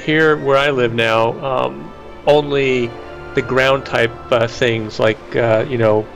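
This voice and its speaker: Relaxed man chatting with light music behind. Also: medium pitch, slow pace, vocal fry. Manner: relaxed, hesitant, many fillers. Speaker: livestream guest. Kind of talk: casual voice chat.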